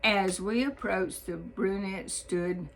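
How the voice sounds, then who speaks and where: A woman from Mississippi with a Southern accent telling a personal story in a slow, deliberate drawl. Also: medium pitch, gravelly, faint music behind, rough recording.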